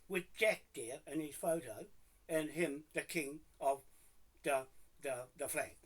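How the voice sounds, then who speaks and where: A man's voice: a little high, slow, breathy edge, rough recording. A man grumbling and swearing to himself in his home office while he waits for people on a live stream.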